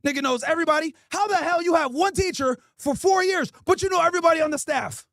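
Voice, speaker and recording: A man's voice: extremely high pitch, fast, heavy background noise. A male host doing an improvised comedy roast, crude and mocking, hurling insults.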